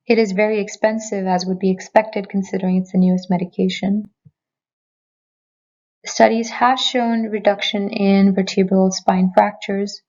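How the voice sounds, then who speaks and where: A woman physician giving a prepared lecture, speaking in a measured, clear, explanatory way from a remote recording. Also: mid-range voice, warm tone, highs cut off. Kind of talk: prepared medical presentation. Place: remote recording, not in person.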